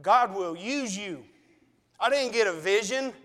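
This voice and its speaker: A man's voice: sits high, lively intonation, unhurried, fairly bright tone, long reverb tail. A man preaching a sermon, telling a personal story in an emotional, conversational way and calling the congregation brethren.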